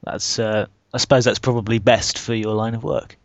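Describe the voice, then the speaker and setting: A man's voice: on the low side, steady tone, normal speed, vocal fry, dry recording, dull audio. A man hosting a podcast, asking interview questions casually with hesitant fillers. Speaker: podcast host.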